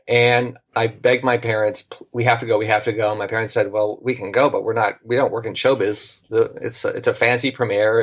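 As a podcast guest, a middle-aged man shares a story in easygoing conversation at a medium pitch. He becomes animated, acting out the voices of the characters as he goes.

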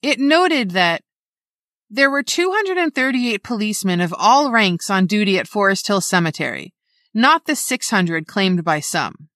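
A woman reads a scripted true-crime account with a bright, forceful tone and lively pitch. She is measured and exact as she lays out numbers and names. The sound is dry and close. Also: dry recording. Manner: measured, reads dates and figures precisely. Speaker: narrator.

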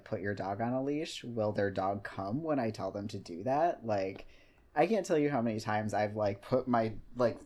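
A woman's voice: extremely low pitch, a little mellow. A woman hosting a casual podcast chat, ranting animatedly, swearing freely and laughing often. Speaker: podcast host.

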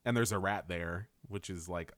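A man's voice: low-pitched, normal speed, no echo. A young man co-hosting a podcast, retelling a cartoon episode in casual chat and laughing often. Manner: laughs often, animated retelling with mock quotes.

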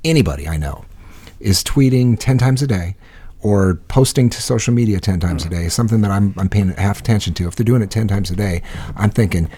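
A middle-aged man chatting casually on a podcast, blunt and profane, pausing often with "uh". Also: fairly low pitch, warm tone, husky. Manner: blunt, profane, hesitant with many uh's. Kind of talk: casual chat.

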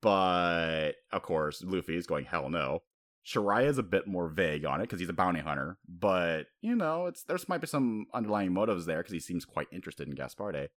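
A man co-hosting a casual chat, talking in an animated way, laughing often and acting out quotes. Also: sits low, moderate pace, few pauses.

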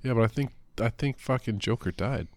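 A man's voice: medium pitch, expressive, brisk, a little mellow, dry recording. A man co-hosting a casual podcast, rambling and cursing, full of jokes. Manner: profane, rambling, jokey. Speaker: podcast co-host. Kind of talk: casual comic book podcast chat.

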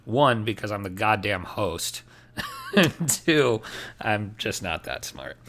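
Podcast host dude, bright voice, slow talker, jokes about himself. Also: male voice, fairly low pitch, lively intonation, slight background noise. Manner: self-deprecating, laughing often. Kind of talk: casual podcast chat.

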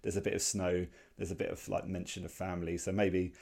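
A man in his forties co-hosts a casual podcast about comic strips, rambling through his points with many restarts and fillers. His low voice is level, creaky, a little mellow and a little fast.

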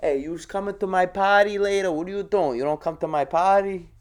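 A man's voice: high-pitched, brisk, smooth, pitched above the performer's own voice, lightly acted. A man with a Boston accent voicing a brash young tough guy from the North End, cocky and teasing.

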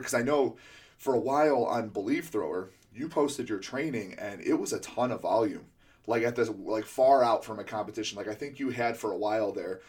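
Man, host, low pitch, chatty, restarts a lot, casual interview. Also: darkish tone, slightly rough. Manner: rambling, many restarts and fillers. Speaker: podcast host and throwing coach.

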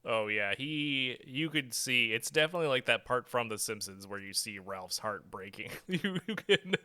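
A man's voice: medium pitch, expressive, moderate pace, sharp tone, clean tone. A man co-hosting a podcast, chatting about a TV episode, laughing often and correcting himself as he goes. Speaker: podcast co-host. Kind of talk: casual chat reviewing a TV episode.

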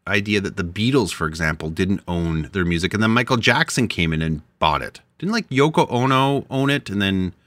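A man's voice: sits low, brisk, few pauses, dry recording. A young adult man, co-hosting a podcast in casual, playful banter. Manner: playful, teasing, animated delivery. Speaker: podcast co-host.

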